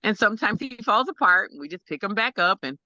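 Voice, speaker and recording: A woman's voice: mid-range voice, lively intonation, quick pace, pushed and bright, dry recording, muffled recording. A woman telling an emotional personal story as a guest parent, acting out quotes and laughing often. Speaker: guest, parent of an autistic son.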